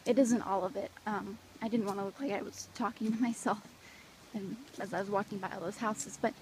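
A woman chatting casually in a vlog, telling stories with lots of fillers while filming at home and on a walk. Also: mid-range voice. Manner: chatty, animated storytelling with fillers. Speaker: vlogger on an exchange stay. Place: home indoors and walking outdoors. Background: wind noise outdoors.

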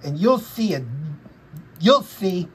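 Linus, a cross and stubborn young boy, as played by a woman in a homemade fan story. He scolds slowly and angrily with a husky edge, stopping often on hesitant "mm" sounds. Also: mid-range voice, steady tone, voice pushed up, low-quality recording. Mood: angry. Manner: angry scolding with many hesitant mm fillers.

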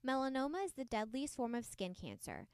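A teenage girl anchors a school news show. She reads her script in a steady, measured way. Her voice sits a little high and sounds close and dry, with no room around it. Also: smooth, dry recording. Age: teens.

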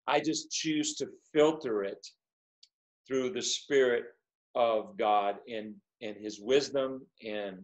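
A man's voice: mid-range voice, slow pace. A man, a pastor, speaking earnestly over a video call, often repeating words and restarting phrases. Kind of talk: casual video-call conversation.

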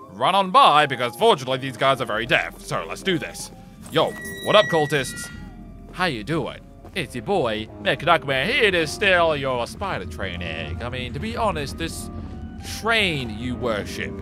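A man giving excitable, jokey let's play commentary, taunting enemies as he plays, recorded on a desk mic with game music behind him. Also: on the high side. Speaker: gaming YouTuber.

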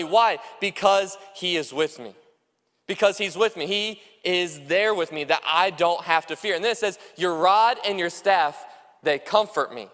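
High-voiced man preaching in a hall. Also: unhurried, fairly bright tone. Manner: earnest, repeats phrases for emphasis, many "uh" fillers. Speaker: pastor. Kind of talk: sermon. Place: church sanctuary.

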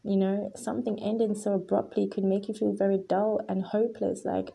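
A woman's voice: medium pitch, flat delivery, fairly quick, vocal fry, few pauses, warm tone, husky. A woman giving a tarot reading to her viewers, talking in an earnest, emotional way and repeating her points with emphasis. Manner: emphatic and repetitive, often addressing viewers as guys. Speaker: tarot reader.

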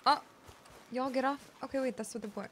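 Bright-voiced woman streamer muttering. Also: sits high, brisk, slight background noise. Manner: mutters quietly to herself, bursts into loud excited squeals; chats back to viewers, teasing and argumentative. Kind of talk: casual live gameplay commentary.

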